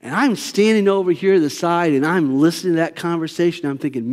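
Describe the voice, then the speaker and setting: Male pastor, high voice, chatty and emphatic sermon, echoing church hall. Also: fast, few pauses, a little mellow. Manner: conversational, storytelling, emphatic. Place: church sanctuary. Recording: long hall reverb.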